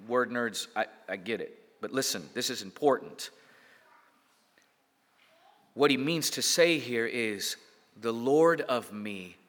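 A man preaching a sermon to his congregation, earnest, pressing some words hard and letting others fall quiet. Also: medium pitch, in a large hall. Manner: earnest preaching, swelling and dropping for emphasis. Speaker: pastor.

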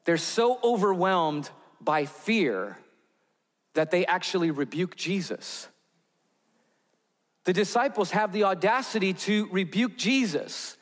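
A pastor with a slightly high voice preaches in a large hall, his words ringing with long reverb. He takes it slowly and speaks expressively, building tension by guiding listeners through vivid imagined scenes.

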